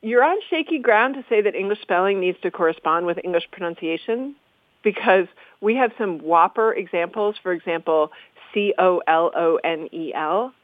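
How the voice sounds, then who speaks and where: A woman with a fairly low voice, speaking at a moderate pace, talks as a historian of the language explaining conversational usage. She lectures easily, sounding articulate and amused. The recording is dry and tinny, like a phone line.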